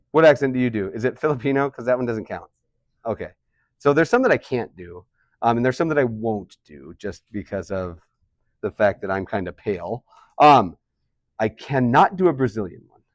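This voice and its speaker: A man's voice: mid-range voice, big pitch swings, moderate pace, long pauses, no room sound. Chatty male math teacher, dry sound. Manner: chatty, questioning, encouraging. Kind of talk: classroom lesson. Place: classroom.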